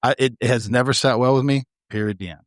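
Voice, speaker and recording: A man's voice: medium pitch, fast talker, no echo. A man co-hosting a podcast, telling stories bluntly in casual chat, with plenty of swearing. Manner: blunt, profane storytelling with emphatic asides. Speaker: podcast co-host.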